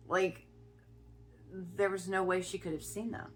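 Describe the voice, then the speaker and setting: A middle-aged woman from Ohio telling a personal story in a chatty vlog, often restarting her sentences and filling pauses. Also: fairly low pitch, slight background noise. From Ohio, USA. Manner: chatty, with many restarts and fillers. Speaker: spiritual vlogger.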